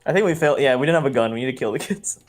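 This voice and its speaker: Goofy guy joking around on a game stream, mid-pitched voice. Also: expressive, very fast. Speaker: co-host. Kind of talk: casual gameplay chat.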